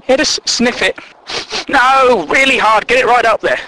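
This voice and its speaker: A man's voice: very high-pitched, unhurried. Man, stand-up comedy, sweary, plays out both sides of dialogues, faint background noise. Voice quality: sweary, incredulous.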